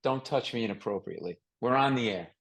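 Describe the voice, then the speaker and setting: A man hosting a casual comedic chat over a video call, with a nasal voice, telling jokey stories in an animated way. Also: medium pitch, quick pace, rough recording. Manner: animated storyteller, joking. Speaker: podcast host.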